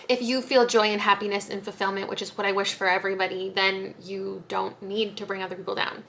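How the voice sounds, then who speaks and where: Young woman, book vlogger, bright voice, casual chat, frank, chatty, light laughs, faint room hum. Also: mid-range voice.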